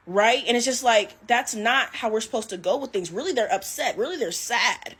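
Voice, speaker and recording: A woman talking casually about an anime, animated and emphatic, often asking "right?". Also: fairly high pitch, normal speed, few pauses, breathy edge. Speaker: anime commentator. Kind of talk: casual opinion talk.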